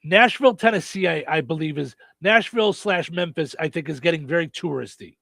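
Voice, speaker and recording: Middle aged radio guy, kinda high voice, super up and down, chatty easygoing rambling. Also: expressive, fairly quick, creaky, a bit bright, no echo. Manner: rambling, easygoing, reading a list with asides. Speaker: radio show host. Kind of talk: casual radio banter.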